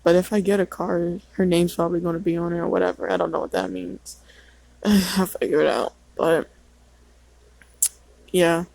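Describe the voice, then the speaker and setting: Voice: mid-range voice, creaky, darkish tone, dry recording, low-quality recording. A teenager rambling and venting in a casual vlog, full of "like" and swearing. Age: teens. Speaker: vlogger.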